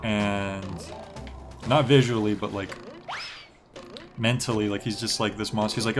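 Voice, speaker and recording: A man's voice: fairly low pitch, fairly even intonation, measured pace, pauses often, over music. A young man chatting casually while streaming a game, rambling with lots of filler words. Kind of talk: relaxed gameplay stream chat.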